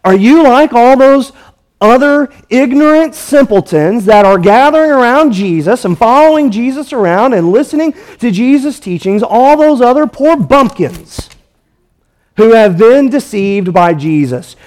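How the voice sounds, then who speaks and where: A man's voice: very high voice, expressive, measured pace, a little mellow, voice pushed up. A man voicing scornful temple leaders, mocking and contemptuous as he quotes them in a sermon.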